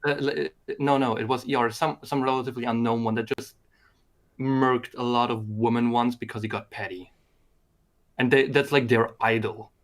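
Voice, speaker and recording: Male stream co-host, mid-pitched voice, stammers and restarts. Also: fairly even intonation, normal speed. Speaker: co-host reading questions. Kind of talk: casual live-stream chat.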